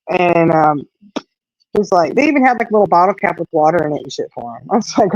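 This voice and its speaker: Animated woman telling a story. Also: fairly low pitch, brisk, dry recording, lo-fi sound. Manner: animated storyteller, acts out quotes. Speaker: host. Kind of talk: casual chat.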